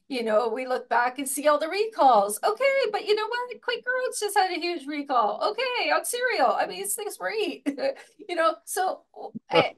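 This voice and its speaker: A woman on a talk panel speaking emphatically in casual chat over a video call. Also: high-pitched. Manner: emphatic, laughs while talking.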